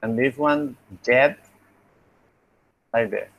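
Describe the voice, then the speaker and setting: Slow, patient teacher with a Spanish accent. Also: male voice, mid-range voice, creaky, highs cut off. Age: young adult. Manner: slow, patient explaining with repeated examples. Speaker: phonetics teacher. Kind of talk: online class feedback.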